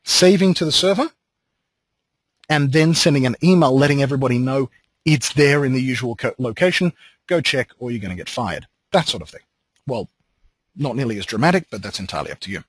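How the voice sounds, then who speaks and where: An Australian man leading a software training webinar, explaining steps with relaxed joking asides. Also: mid-range voice, brisk, slightly rough, dry recording, poor audio.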